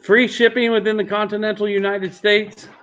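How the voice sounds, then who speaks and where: A man working as an auctioneer on a livestreamed benefit auction, repeating bid calls in a steady chant and cracking jokes in between. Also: high-pitched, normal speed, lo-fi sound. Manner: repetitive bid-calling chant with joking asides.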